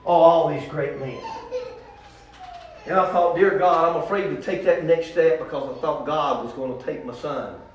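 A man preaching a testimony sermon, swinging from shouts to hushed talk. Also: fairly high pitch, moderate pace, muffled recording, a little hiss or hum. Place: church hall. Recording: echoey hall from far off.

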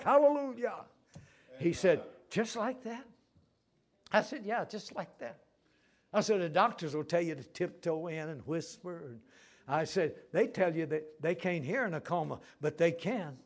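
An older man preaching a sermon, telling stories and repeating phrases for emphasis. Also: a little high.

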